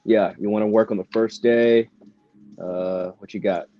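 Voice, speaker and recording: A man hosting a podcast, asking relaxed questions and giving short replies. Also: on the low side, a little slow, dry recording. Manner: brief affirmations, relaxed questions. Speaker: podcast host. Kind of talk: casual interview. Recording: dry, dull lo-fi audio.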